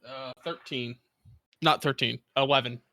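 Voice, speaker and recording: A man's voice: medium pitch, steady tone, unhurried, pushed and bright, no echo. A man playing in a tabletop game, talking casually and hesitantly. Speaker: player.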